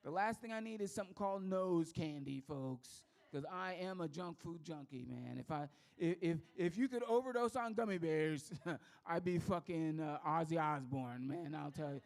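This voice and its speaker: A man's voice: fairly high pitch, moderate pace, vocal fry, few pauses, a little mellow. A man from Texas doing a rambling, profane, self-mocking stand-up set. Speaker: stand-up comedian.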